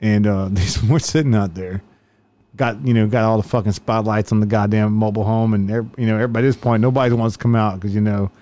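A man's voice: fairly low pitch, fast. A man telling police stories in casual chat, swearing constantly and laughing often. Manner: profane, laughing often, animated when quoting. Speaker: law enforcement officer telling stories.

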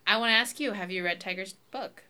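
A woman's voice: mid-range voice, brisk, bright, forceful tone. A woman chatting casually on a podcast, blunt and playful, often laughing.

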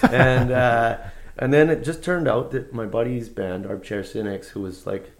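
A man's voice: mid-range voice, steady tone, moderate pace, a little hiss or hum. A man, a guest musician, telling anecdotes in a casual conversation, rambling and laid-back with lots of fillers and restarts.

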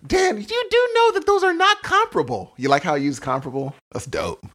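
A man co-hosting a podcast in casual chat, animated and prone to sudden high exclamations. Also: brisk. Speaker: podcast co-host.

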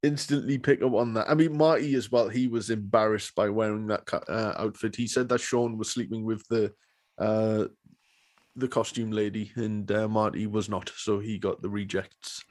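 A man's voice: lowish voice, fairly even intonation, normal speed, a little mellow. A man co-hosting a podcast, chatting enthusiastically with lots of fillers. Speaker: podcast co-host. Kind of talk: casual chat.

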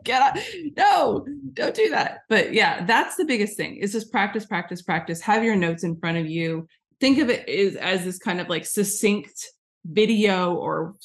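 An American woman talking as an interview guest in casual chat, chatty and emphatic, with many "like" fillers, over a video call. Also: medium pitch. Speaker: guest, branding agency founder.

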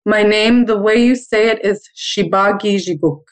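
Calm, measured middle-aged woman. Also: mid-range voice, clear, resonant tone, rough recording. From Canada. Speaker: interview guest, ribbon skirt maker. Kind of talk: casual interview answers.

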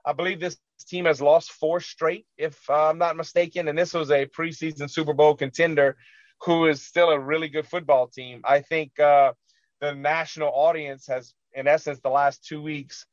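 A man's voice: a little high, little pitch movement, normal speed, no room sound, highs cut off. A man co-hosting a sports radio show, earnestly recapping a football loss with frustration and lots of fillers.

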